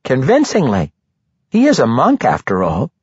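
A man pitches up to voice a cheerful little halfling in this audiobook. The voice jumps higher and moves a lot, eager and chipper, with a husky edge. The recording is dull, lo-fi and dry. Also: wildly swooping pitch, normal speed, darkish tone, no room sound, heavily acted.

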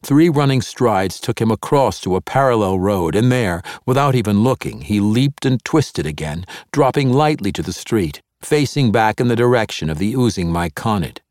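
Man, audiobook narrator, very low voice, measured storytelling, dead-dry studio. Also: expressive, a little mellow, no echo. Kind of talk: scripted fantasy narration.

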